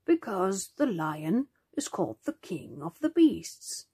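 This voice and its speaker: A woman voicing a proud, gentle male stone lion in a storybook reading, soft-spoken. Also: mid-range voice, big pitch swings, takes it slowly, slightly rough, dry recording, clean studio sound, exaggerated voice.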